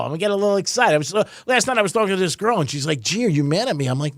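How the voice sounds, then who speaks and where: A man hosting a talk radio show in the studio, joking and getting excited, laughing often. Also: high voice, racing, few pauses, no room sound. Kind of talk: casual talk radio banter. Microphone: studio microphone.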